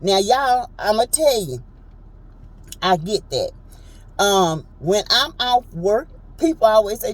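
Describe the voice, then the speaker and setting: Woman, casual recap chat, animated, chatty, pops into high voices for quotes. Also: slow pace, rough recording. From Southern United States. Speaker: reality TV recap host.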